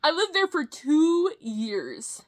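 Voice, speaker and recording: A high-pitched young woman in her twenties rambles through a personal story on a casual vlog. She's animated, swears readily, and fills her speech with fillers.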